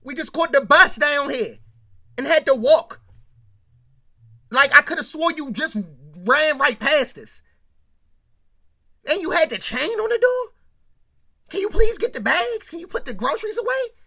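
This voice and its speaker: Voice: sits high, animated, a little slow, long pauses, bright, forceful tone, pitched above the performer's own voice, full character voice. A commentator briefly voicing a tired, exasperated mother who scolds in fed-up questions while carrying groceries.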